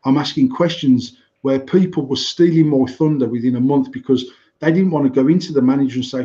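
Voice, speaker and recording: A man's voice: medium pitch, brisk, mellow, lo-fi sound. A man in his forties from England, a company director co-hosting a podcast, talking bluntly with lots of swearing and restarts. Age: 40s. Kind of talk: casual chat.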